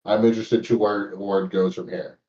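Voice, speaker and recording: A man's voice: lowish voice, fairly even intonation, fairly quick, warm tone. A man giving his thoughts on a comic in a casual chat, thoughtful and hesitant with many fillers. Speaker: guest panelist. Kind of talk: casual chat on a live stream. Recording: dull, roomy, distant mic.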